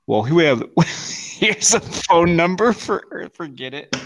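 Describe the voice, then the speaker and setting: A man's voice: a little high, big pitch swings, slow, fairly bright tone, slight background noise. A man co-hosting a podcast, trading crude jokes and mock commercials and laughing often. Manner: laughs often, joking and raunchy. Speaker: podcast co-host. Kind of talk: crude comedic banter and fake ads.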